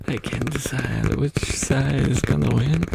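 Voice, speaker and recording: A man in a soft-spoken live ASMR chat, talking close to the mic in a goofy, rambling way with his viewers. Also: mid-range voice, slow, creaky, heavy background noise. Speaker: ASMR streamer. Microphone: close ASMR microphone.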